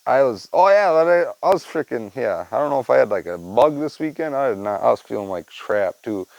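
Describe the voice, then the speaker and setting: Man, podcast host, casual rambling chat, profane, gravelly voice, dry close sound. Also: mid-range voice, lively intonation, a little fast, darkish tone, no echo, poor audio. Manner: rambling, profane, laid-back, tacks on "man" and "dude".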